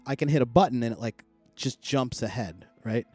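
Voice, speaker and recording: A man's voice: medium pitch, brisk, faint music behind. Rambling, cursing middle-aged man. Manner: rambling, profane, animated when quoting others. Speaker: podcast co-host. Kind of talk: casual chat, storytelling.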